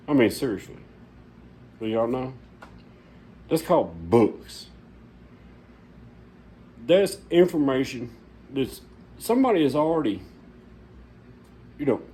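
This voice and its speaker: A man's voice: medium pitch, dark tone, slightly rough, poor audio. A middle-aged man, hosting his own channel and talking casually to the camera in his home shop, blunt, rambling and folksy. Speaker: channel host.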